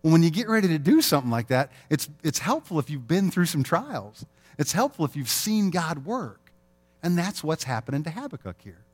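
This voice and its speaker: A man's voice: a little high, sing-song, a little fast. A middle-aged man preaching a sermon as pastor, in a conversational way, acting out small scenes in quoted voices.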